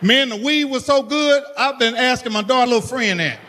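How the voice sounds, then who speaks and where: High-voiced man doing profane stand-up. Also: normal speed. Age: middle-aged. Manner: profane storytelling, acts out voices. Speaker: stand-up comedian. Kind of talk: stand-up comedy set. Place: comedy stage before a laughing audience. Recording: live hall reverb, faint noise.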